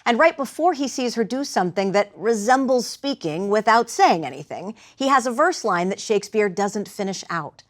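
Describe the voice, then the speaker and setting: Woman teaching verse rhythm, patient and clear. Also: on the high side, animated, normal speed, few pauses. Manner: clear, patient explaining, directing actors. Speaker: theater instructor. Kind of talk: lecture with live demonstration.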